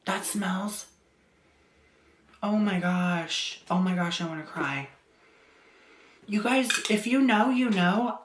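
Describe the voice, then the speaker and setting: A woman vlogger opening gifts in a casual chat, gushing and exclaiming, with laughs between her words. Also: lowish voice. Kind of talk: casual gift-opening vlog. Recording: echoey room with faint noise.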